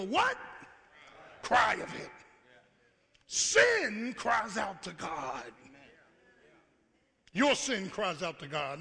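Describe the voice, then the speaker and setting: A pastor preaching a call-and-response sermon, acting out God's voice and rising to shouts. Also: male voice, sits high. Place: church sanctuary. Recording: live church hall with long reverb.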